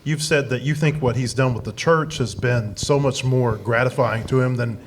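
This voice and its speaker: A man's voice: mid-range voice, moderate pace, a little hiss or hum. A man hosting a panel discussion, politely prompting guests with questions. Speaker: host.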